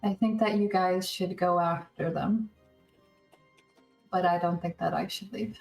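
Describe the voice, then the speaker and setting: A woman's voice: on the low side, fairly even intonation, a little slow, vocal fry, a little mellow, soft background music, rough recording. A woman voicing her adventurer character, speaking close to her own voice. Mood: reluctant. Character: young woman adventurer staying behind. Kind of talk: tabletop role-play.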